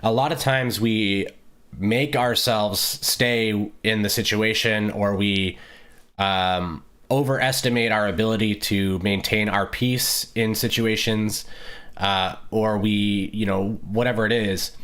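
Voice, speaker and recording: A man's voice: fairly low pitch, fairly even intonation, takes it slowly, fairly bright tone. A man co-hosting a casual podcast conversation, talking in a reflective, rambling way with many fillers and restarts. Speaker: podcast co-host.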